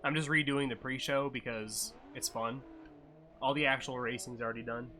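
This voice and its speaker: A man casually commentating a live-streamed racing game, chatty and offhand with sudden excited yelps at crashes. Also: medium pitch, moderate pace, slight background noise.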